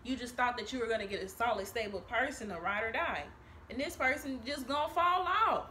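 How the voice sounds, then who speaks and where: A woman's voice: a little high, animated, fairly quick, pushed and bright, a little hiss or hum. A woman giving a casual tarot reading to camera, chatty and profane, laughing often and tagging her lines with "okay?". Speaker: tarot reader. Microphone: camera mic.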